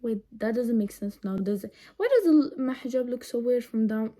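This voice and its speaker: A woman's voice: on the high side, animated, fairly quick, warm tone. Chatty young woman doing a makeup tutorial. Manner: chatty, rambling, many ums and asides. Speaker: makeup vlogger. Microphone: phone camera set low.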